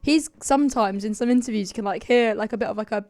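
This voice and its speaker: A woman's voice: fairly high pitch, fast, a little mellow, no room sound, clean studio sound. A young woman chatting on a podcast, giggly and talkative. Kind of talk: casual chat.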